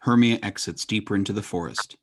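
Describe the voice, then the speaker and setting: A narrator calmly reading stage directions in a community theatre reading. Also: low voice, fairly quick. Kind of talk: plain read stage directions.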